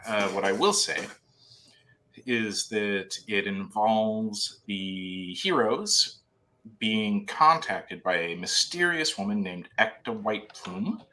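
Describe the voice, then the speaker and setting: A man guest on a podcast, describing his adventure writing in a playful, unhurried way. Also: fairly low pitch, pushed and bright. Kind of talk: casual podcast chat.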